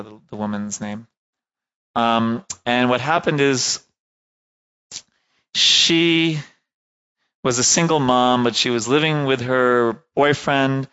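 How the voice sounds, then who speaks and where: A man lectures a class in a relaxed, conversational way, with a middling voice. He talks loosely, stops to rephrase, and keeps checking that the room follows him. The recording is dull and lo-fi. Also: mid-range voice, clear, resonant tone. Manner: conversational, many fillers and "right?" checks.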